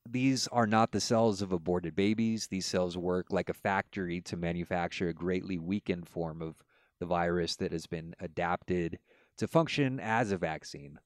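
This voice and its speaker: Male podcast co-host, deep voice, animated storyteller, dry close-miked audio. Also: normal speed, no room sound. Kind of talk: casual chat.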